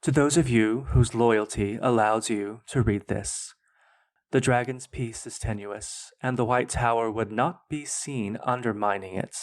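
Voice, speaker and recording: A man hosting a podcast, reading his own fan fiction aloud in a measured, dramatic way. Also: mid-range voice. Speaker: podcast host.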